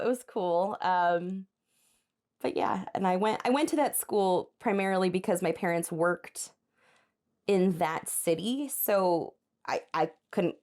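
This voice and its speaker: Her voice is lowish, creaky, and darkish in tone. A young host of a crafting channel, she embroiders by hand in her home craft space while casually telling a wandering story with frequent laughs and remarks to viewers.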